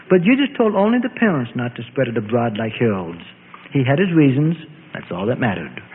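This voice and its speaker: Expressive man reading a scripture story. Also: medium pitch, slight background noise. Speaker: narrator. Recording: tinny, echoey lo-fi radio audio.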